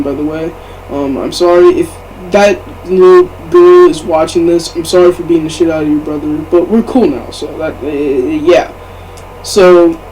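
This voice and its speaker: A man's voice: on the high side, dark tone, slight background noise, rough recording. Swearing young guy telling a story. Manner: casual, heavy swearing and filler words. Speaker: vlogger. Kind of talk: storytime vlog.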